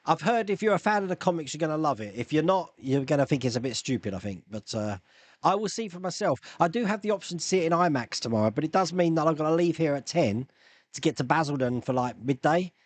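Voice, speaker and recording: Man, chatty livestream host, slightly high voice, dry close sound, rambling. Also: animated, no echo. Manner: chatty, rambling, quick laughs. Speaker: YouTube live stream host. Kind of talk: casual chat answering chat questions.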